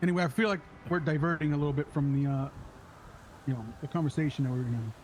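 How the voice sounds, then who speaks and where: A man playing a cocky role-play character with a slightly high voice. He banters with bold, joking bravado over a faint background hiss. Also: racing, darkish tone.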